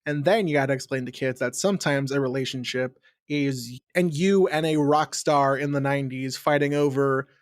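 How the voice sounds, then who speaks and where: A podcast co-host with a mid-range voice talks in a brash, joking way, swearing freely and breaking into sudden loud outbursts. The sound is close and dry. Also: medium pitch, fairly even intonation, normal speed, hardly any pauses, no room sound. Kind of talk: casual podcast chat.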